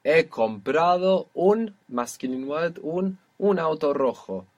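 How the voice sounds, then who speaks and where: A man's voice: on the high side, animated, a little slow, muffled recording. A patient male teacher leads a student through a spoken language lesson. He asks short questions, waits for answers and praises each one before moving on. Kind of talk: guided audio language lesson.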